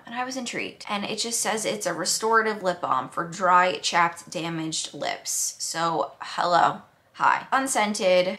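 A young woman chats to her camera at home in a loose, rambling vlog style, filling her sentences with "like." Her voice sits a little low but has a bright, clear edge. Now and then she drops to a soft whisper. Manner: chatty, says "like" often, drops to a whisper at times. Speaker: vlogger. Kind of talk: casual vlog chat.

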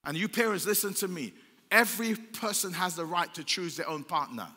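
Older pastor guy preaching, bright forceful voice, lots of church hall reverb. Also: sits high, brisk, breathy edge. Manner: emphatic, repetitive preaching with rhetorical questions. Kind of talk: sermon.

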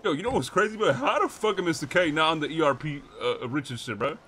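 Bright-voiced man in game roleplay. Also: a little high, lively intonation, slight background noise. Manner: slangy, laughing, quick to protest. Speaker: roleplay streamer. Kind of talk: casual in-character game roleplay.

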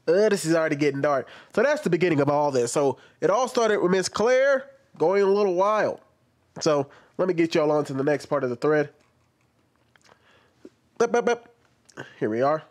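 A man's voice: fairly high pitch, lively intonation, moderate pace, soft background music. A man giving casual commentary on social media posts, rambling and correcting himself as he goes. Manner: rambling, self-correcting, reads posts aloud.

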